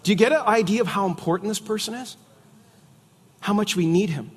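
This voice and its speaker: A man's voice: high-pitched, fairly quick, slightly rough, big-room sound. A middle-aged man preaching a sermon in a conversational way, with jokes and asides. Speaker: pastor.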